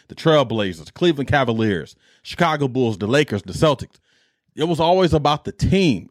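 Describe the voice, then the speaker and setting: Middle-aged male podcast host, lively exasperated rant, dry close sound. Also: mid-range voice, dry recording. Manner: animated, exasperated ranting with repetition.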